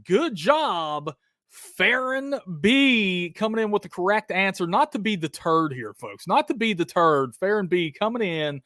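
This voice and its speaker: Upbeat male streamer hosting live trivia, chatty and pumped, a bit high-pitched, dry close mic. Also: lively intonation, a little slow, sharp tone, no room sound. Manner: hyped, chatty, calls viewers brother and dude.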